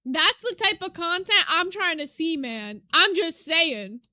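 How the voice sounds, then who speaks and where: A woman with a very high, bright voice hosts a reaction commentary. She is blunt and casual and swears freely. She speaks close to the mic with a dry sound. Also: lively intonation, measured pace, dry recording. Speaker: commentary channel host.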